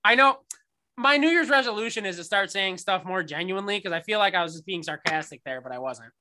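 A man's voice: high-pitched, fast, bright, forceful tone. A man in his thirties co-hosting a podcast, ranting sarcastically and swearing through casual sports chat. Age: 30s. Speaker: podcast co-host.

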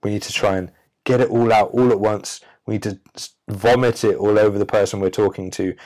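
A man hosting a self-help podcast, speaking emphatically with drawn-out pauses and a preachy tone. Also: lowish voice, steady tone, a little mellow. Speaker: podcast host. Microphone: audio-only recording.

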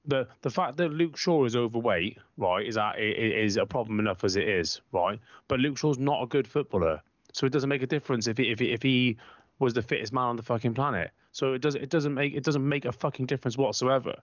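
Brief: bloke, mid-pitch, foul-mouthed football rant, dry muffled lo-fi recording. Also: male voice, fast talker, no room sound. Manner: ranting, swears constantly, blunt. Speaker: podcast co-host, football fan. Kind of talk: heated casual chat. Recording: dry, slightly muffled lo-fi sound.

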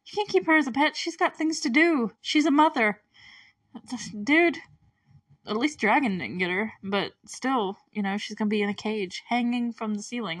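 A woman's voice: mid-range voice, fairly bright tone, dry recording, far from the mic. A young woman hosting a podcast, recapping a movie in a rambling, chatty way with frequent laughs and puzzled asides. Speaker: podcast host.

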